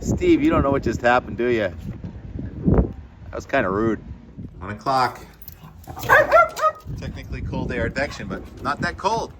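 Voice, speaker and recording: A man's voice: mid-range voice, lively intonation, measured pace, long pauses. A man vlogging outdoors by the water, chatting about the weather and chuckling often, with wind on a handheld camera mic. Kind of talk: casual outdoor vlog narration. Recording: loud wind noise on the mic.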